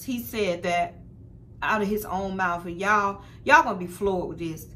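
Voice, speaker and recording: A woman's voice: mid-range voice, lively intonation, normal speed, sharp tone, a little hiss or hum. A young woman telling a personal story to her viewers in a blunt, profane, casual way, often calling them y'all. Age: young adult. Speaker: spiritual vlogger.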